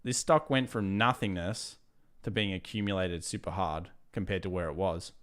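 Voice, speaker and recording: A man's voice: low-pitched, fairly even intonation, normal speed, fairly bright tone. A man hosting a live trading stream, talking through market charts casually and drifting into fired-up rants. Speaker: trading livestream host.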